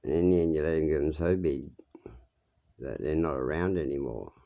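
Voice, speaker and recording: A man's voice: a bass voice, moderate pace, gravelly, dull audio. A man telling meandering, jokey stories in a rambling monologue, drifting from one tale to the next. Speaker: monologue speaker. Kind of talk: rambling storytelling.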